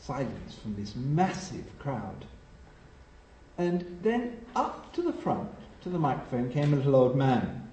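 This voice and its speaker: A man from England preaching a sermon, telling stories with lively emphasis and dropping to a quiet hush at solemn points. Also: mid-range voice, measured pace, roomy sound, muffled recording. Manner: animated storytelling, drops to a hush for solemn moments.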